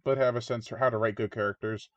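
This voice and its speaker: With a mid-range, slightly bright voice, fairly even intonation, and a quick pace, a channel host rambles casually through a film review and often mimics characters. The audio is dull, lo-fi, and dry, with no room sound.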